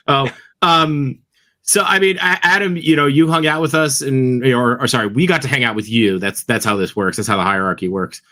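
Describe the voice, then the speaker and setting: A young adult man co-hosting a podcast, telling stories in a rambling, animated way and laughing often. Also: medium pitch, unhurried. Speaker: podcast co-host. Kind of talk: casual chat.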